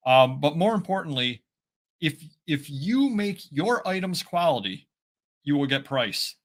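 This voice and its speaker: A man co-hosting a casual live stream, rambling with many fillers and pauses. His speech is slightly slurred, and his voice sits a little higher than most men's. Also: big pitch swings. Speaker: co-host of a reselling show.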